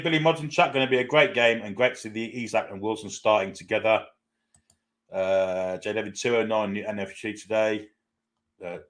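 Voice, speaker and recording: Man, fairly low voice, casual live-stream host, reads chat messages, greets viewers, lots of uh's. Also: fairly bright tone. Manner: chatty, reads out viewer comments and greets them one by one; casual, with frequent "uh" and self-corrections. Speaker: host of a football fan channel.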